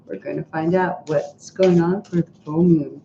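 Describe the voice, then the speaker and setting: A woman's voice: low voice, fairly even intonation, normal speed. A woman giving a casual, chatty tarot reading, rambling with many restarts and fillers. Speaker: tarot reader. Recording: roomy, dull sound with faint noise.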